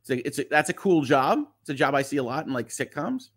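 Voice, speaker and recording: A middle-aged man, a lawyer hosting a casual livestream, reading viewer comments aloud and chatting about them quickly. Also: medium pitch, expressive, a bit bright. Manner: fast-talking, chatty, reads comments aloud.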